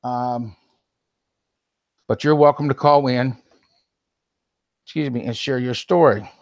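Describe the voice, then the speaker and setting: A man's voice: mid-range voice, slow, dull audio. A man hosting a live call-in stream, talking casually and addressing viewers and moderators directly.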